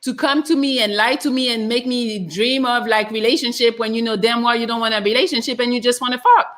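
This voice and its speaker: A woman's voice: a little high, fairly even intonation, fairly quick, a bit bright. A woman hosting a live talk show, arguing bluntly and frankly and swearing freely. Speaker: show host. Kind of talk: casual debate on a live show.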